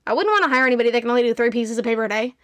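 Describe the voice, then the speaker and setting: A woman in her twenties hosting a podcast, talking in an earnest, emphatic way and jumping into quick motivational rants. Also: a little high, lively intonation, a bit bright, dry recording. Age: 20s. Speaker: podcast host. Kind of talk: motivational solo podcast talk.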